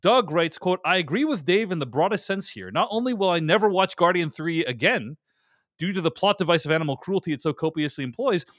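A man's voice: high-pitched, expressive, brisk, a bit bright, no echo, studio quality. A man hosting a casual film podcast, talkative and prone to restarts while he reasons aloud. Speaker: podcast host.

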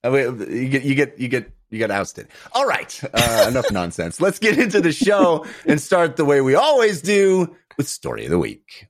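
A man's voice: on the high side, huge pitch swings, moderate pace, few pauses. A man hosting a games podcast, joking and rambling through casual chat and segment introductions. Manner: jokey, rambling, warm segment reads. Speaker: podcast host.

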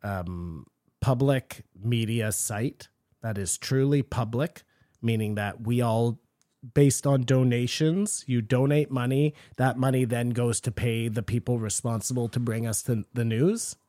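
A man co-hosting a podcast, talking in casual, animated chat with frequent swearing and easy laughter. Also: mid-range voice, measured pace, no room sound, clean studio sound. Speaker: podcast co-host.

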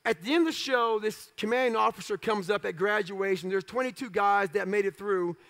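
A man's voice: high-pitched, fairly quick, vocal fry, fairly bright tone. A man giving a motivational speech, telling his story in blunt, clipped phrases with profanity and self-mocking humor. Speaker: motivational speaker.

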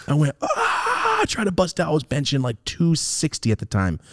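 Speaking a little fast, this young podcast host tells a casual, foul-mouthed story and impersonates the people he quotes, his pitch jumping widely. The studio-quality audio has no room sound.

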